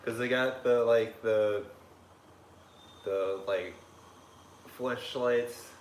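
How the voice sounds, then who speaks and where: A man's voice: mid-range voice, fairly even intonation, drawn-out words. A man in easygoing casual chat as a podcast co-host, swearing often. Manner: laid-back, profane. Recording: echoey room with faint noise.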